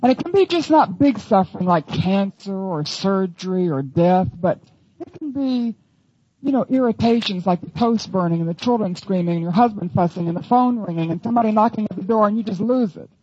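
Woman preacher, earnest and emphatic, husky voice, dull dry lo-fi recording. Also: medium pitch, lively intonation, a little fast, dark tone, no echo. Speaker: Bible teacher. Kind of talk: sermon.

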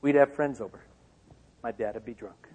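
A man from Michigan giving a personal testimony to an auditorium, swinging from loud outbursts to hushed lines. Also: mid-range voice, normal speed, breathy edge. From Michigan, USA. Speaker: speaker. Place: large auditorium. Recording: long hall reverb.

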